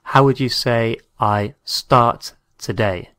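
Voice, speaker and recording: A man teaching a language lesson, saying each phrase slowly and repeating it, sometimes spelling words out letter by letter. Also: medium pitch, fairly bright tone, no echo.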